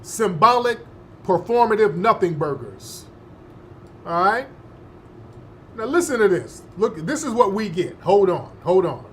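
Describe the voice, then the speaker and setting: A man's voice: sits high, expressive, a little slow, long pauses, a bit bright, slight background noise. A male host giving opinionated political commentary in an emphatic, slangy, scoffing manner.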